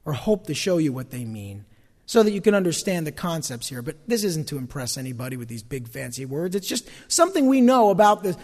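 Animated high-voiced male pastor preaching. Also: fairly quick, in a large hall. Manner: animated preaching, folksy asides. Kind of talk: sermon.

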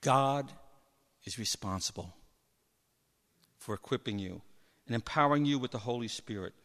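A man preaching a sermon, telling Bible stories with lively energy and acting out the people in them. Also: medium pitch, moderate pace. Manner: animated storytelling, acts out Bible figures. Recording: long hall reverb.

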